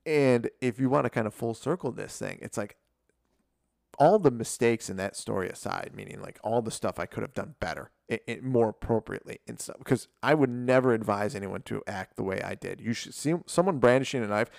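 A man in his forties, a martial arts coach and podcast guest, telling a story in a casual, animated, rambling way, full of "like" and swearing. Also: on the low side, fairly quick, gravelly, dry recording, studio quality.

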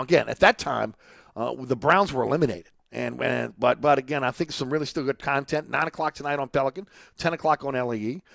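A man's voice: medium pitch, gravelly, no room sound, clean studio sound. A man hosting a sports radio talk show and reading live ads, rambling and leaning on "uh" and "again". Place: radio studio. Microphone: studio microphone.

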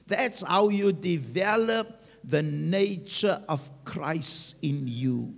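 A man's voice: fairly high pitch, lively intonation, slow, gravelly. A man preaching a sermon with emphasis, punctuating his points with "Amen". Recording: long reverb of a large hall.

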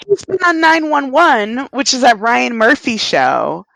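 A podcast co-host gossiping about celebrity news in casual chat, animated and quick to laugh. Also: medium pitch, gravelly, dry recording. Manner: animated gossiping with frequent laughs and playful voices. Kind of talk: casual pop-culture chat.

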